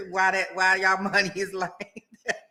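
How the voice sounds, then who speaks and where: A woman's voice: medium pitch, monotone, moderate pace, sharp tone. A woman hosting a casual livestream, reading out viewer comments, laughing often and chatting to her viewers in a slangy, easygoing way. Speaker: livestream host.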